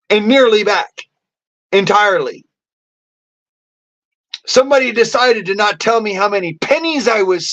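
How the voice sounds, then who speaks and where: A vlogger with a high-pitched voice rants angrily at the camera, bitter and cursing in almost every phrase. Now and then he breaks into hoarse yelling.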